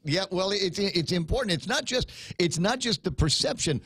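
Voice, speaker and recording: Rambling morning radio host, dry studio sound. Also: male voice, high voice, animated, a bit bright, breathy edge, no echo. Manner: rambling, halting, many fillers and restarts. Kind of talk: casual morning radio talk.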